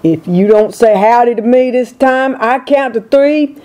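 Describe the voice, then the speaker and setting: A woman's voice: on the high side, a little slow, close to an everyday voice. A woman doing Brer Rabbit, a sassy hot-tempered rabbit. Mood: angry. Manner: loud, indignant hollering.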